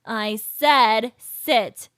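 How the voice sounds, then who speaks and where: A man's voice: high voice, drawn-out words, pushed and bright, clear, resonant tone, dry recording, clean studio sound, pitched above the performer's own voice, exaggerated voice. Man putting on a cool, teasing shadow girl. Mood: teasing menace. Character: calm menacing shadow-wielding young woman.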